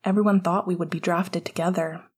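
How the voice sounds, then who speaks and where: Woman doing a calm ex hockey player guy, gentle, breathy half whisper. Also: fairly low pitch, fairly quick. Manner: gentle, soft-spoken, often whispered. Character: young adult man, calm, steady former hockey player.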